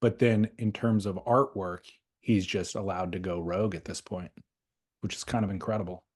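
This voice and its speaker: A man's voice: low-pitched, steady tone, moderate pace, darkish tone. Easygoing man rambling on a surf podcast. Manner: thoughtful, loose and rambling with restarts. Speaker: podcast host. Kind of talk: casual chat.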